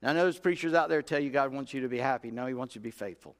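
Folksy preacher in a reverberant church. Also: male voice, medium pitch, racing. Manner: folksy storytelling, acts out voices in quotes. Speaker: pastor. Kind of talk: sermon. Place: church sanctuary. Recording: long hall reverb.

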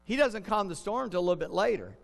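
A man's voice: high voice, lively intonation, quick pace, vocal fry. A man preaching a sermon in a conversational way, putting questions to his listeners. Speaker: pastor. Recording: long reverb of a large hall.

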